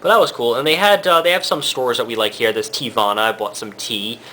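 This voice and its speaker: A man's voice: mid-range voice, brisk, bright, forceful tone, a little hiss or hum. A young man from Rhode Island vlogging casually, rambling with lots of fillers and small chuckles. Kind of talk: casual chat.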